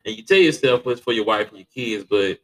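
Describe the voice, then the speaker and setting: A man in his thirties telling stories in a casual conversation, swearing freely and switching between quiet and loud, laughing often. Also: fairly quick, low-quality recording. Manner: animated, laughing, swings between low and loud; casual profanity and slang. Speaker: podcast guest.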